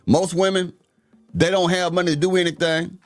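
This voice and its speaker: A man's voice: high-pitched, level tone, normal speed. Blunt, slangy man ranting over faint music. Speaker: host reacting to clips. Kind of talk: opinionated commentary rant.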